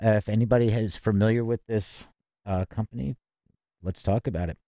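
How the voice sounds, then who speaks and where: A man's voice: on the low side, a little fast, dark tone, no echo, studio quality. A man hosting a casual music industry news chat, reading headlines and then riffing loosely with plenty of fillers. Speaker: podcast host.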